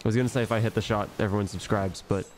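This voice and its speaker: A man's voice: fairly low pitch, fairly even intonation, racing, a little mellow, a little hiss or hum. A man giving casual gameplay commentary, joking and rambling to himself as he plays. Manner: joking, rambling self-talk. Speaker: gaming video host.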